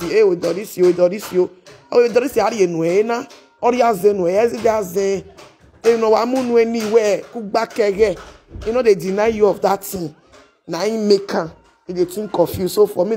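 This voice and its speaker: A woman with a Nigerian accent talks to her viewers on a live stream, loose and chatty. She slides between Pidgin and plain English and laughs as she goes. Soft music plays faintly behind her. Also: medium pitch. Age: adult with children. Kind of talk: casual live-stream chat.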